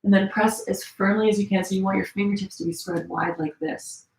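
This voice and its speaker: A woman teaching a gentle yoga class, giving relaxed, chatty cues with many fillers while she demonstrates the poses, a little strained as she holds them. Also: mid-range voice, fairly quick. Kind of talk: live-streamed yoga class instruction. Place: room at home. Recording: echoey room.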